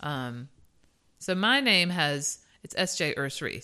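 A woman co-hosting a podcast in casual chat, animated and giggly as she tells stories. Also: sits low, a little slow. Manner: chatty, giggly, animated storytelling. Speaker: podcast co-host.

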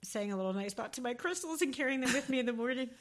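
A woman's voice: fairly high pitch, lively intonation, racing. A young adult woman chats casually on a podcast, playful and a little dramatic. She pokes fun at herself as she talks. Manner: playful, self-mocking, dramatic. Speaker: podcast co-host. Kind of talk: casual chat.

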